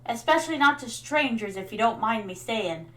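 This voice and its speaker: A woman voicing a shy, reserved villager in a video game, speaking in a hesitant, low-key way. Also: animated, moderate pace, fairly bright tone, poor audio.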